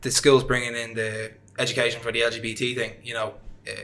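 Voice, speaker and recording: A man's voice: medium pitch, level tone, fast, a bit bright. Young Irish man telling his story. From Ireland. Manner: rambling, chatty, with frequent fillers and self-deprecating laughs. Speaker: interview guest. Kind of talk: casual conversational storytelling.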